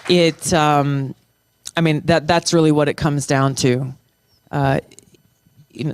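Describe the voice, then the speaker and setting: A middle-aged veteran talks with conviction in an interview, often restarting phrases and stretching out the key words. The voice is smooth and resonant, and it is recorded close and dry. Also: medium pitch, dry recording. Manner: impassioned, restarts phrases, slows down for emphasis. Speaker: guest, military veteran and former state lawmaker. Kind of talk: earnest conversational interview.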